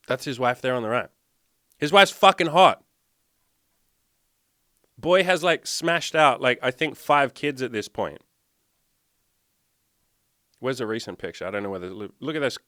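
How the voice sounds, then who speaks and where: A man's voice: medium pitch, a bit bright, dry recording, studio quality. A man, working as a dating and life coach, delivering a blunt, swear-filled motivational rant while sharing his screen. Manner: blunt, swearing constantly, fired up. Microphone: desktop mic, sharing screen.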